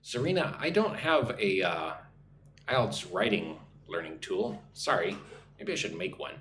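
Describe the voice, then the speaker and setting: Reading viewer comments aloud during a live English lesson, this American man speaks in a lowish, fairly bright voice, animated yet unhurried. He often asks "right?" to check in, and the recording carries room echo and faint background noise.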